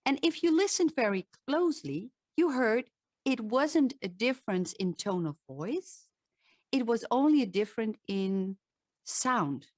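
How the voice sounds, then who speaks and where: A woman's voice: animated, measured pace, no room sound, clean studio sound. A woman with a Dutch accent, a voice coach giving a talk and demonstrating vocal sounds. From Netherlands. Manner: demonstrative, shifts pitch to show examples.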